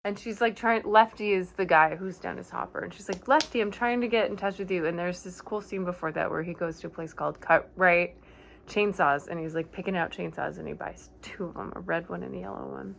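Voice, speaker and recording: A woman with a somewhat low voice retells a horror film from memory in a loose, conversational way. She wanders off on tangents, catches her own slips and corrects herself mid-sentence, talking like she's chatting with a friend. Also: fairly quick, creaky, a bit bright, a little hiss or hum. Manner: rambling, self-correcting, chatty asides. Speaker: horror movie vlogger. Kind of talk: casual movie recap from memory.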